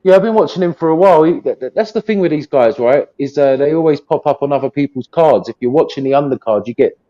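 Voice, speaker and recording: A man's voice: a little high, animated, fast talker, dull audio. A man with an English accent, chatting casually about boxing as a co-host, rambling and friendly. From England. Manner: chatty, rambling, says mate.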